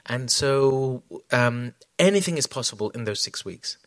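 A man talking about his creative process in a reflective, halting way. His voice sits at an everyday middle pitch. The sound is close and dry. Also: animated, a bit bright, no echo. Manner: reflective, many fillers and restarts. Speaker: choreographer guest. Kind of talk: onstage conversation.

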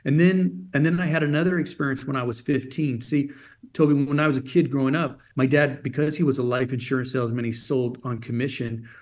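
A lively man in his fifties tells a story from his youth as an interview guest, with a voice of ordinary pitch for a man. He acts out each exchange and keeps using "he goes" between lines. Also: a little fast. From United States. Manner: animated storyteller, acts out dialogue with many repeated "he goes".

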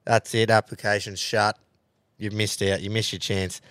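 A man's voice: lowish voice, little pitch movement, normal speed, a bit bright, clear, resonant tone, dry recording, clean studio sound. A man with an Australian accent hosting a podcast, telling crude stories in casual banter and laughing often. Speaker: podcast host. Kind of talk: casual pub-style banter.

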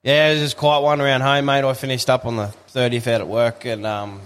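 A man's voice: medium pitch, little pitch movement, fairly quick, fairly bright tone, clear, resonant tone. A man with an Australian accent co-hosting a podcast, talking in a laid-back, blokey way with casual swearing. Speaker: podcast co-host. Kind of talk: casual chat.

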